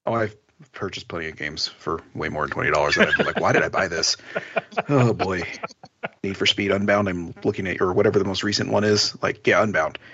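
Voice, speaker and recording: A man's voice: sits low, fast, a bit bright, slightly rough. A middle-aged man co-hosting a podcast in casual chat, rambling and laughing often. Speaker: podcast co-host. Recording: dull lo-fi sound.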